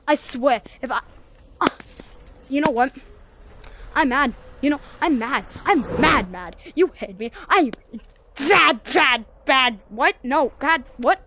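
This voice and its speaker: A young female gamer giving rambling, excitable commentary over her gameplay and yelling when she fails. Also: on the high side, slow, pauses often. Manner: excitable, yells at failures, rambling. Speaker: gaming channel creator.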